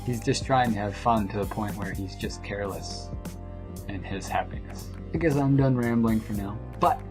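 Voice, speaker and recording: A young adult man reading his own poem quietly, then telling a family story in a rambling, animated way. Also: normal speed. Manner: quiet, low reading of the poem, dropping to a whisper at line ends. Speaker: vlogger and poet. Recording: music playing behind the voice.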